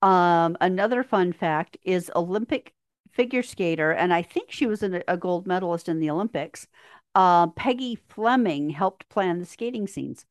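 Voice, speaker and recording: A woman co-hosting a casual chat, chiming in with fun facts and quick agreement. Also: lowish voice, no room sound, clean studio sound. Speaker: podcast co-host.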